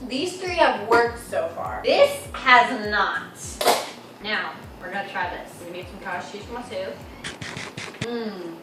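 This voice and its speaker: Teen girl vlogging, chatty and kinda jumpy, highish voice, echoey room, music under it, a bit off mic. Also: a bit bright, recorded from a distance. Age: teens. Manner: chatty, jumpy, squeals at surprises. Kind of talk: casual vlog chat.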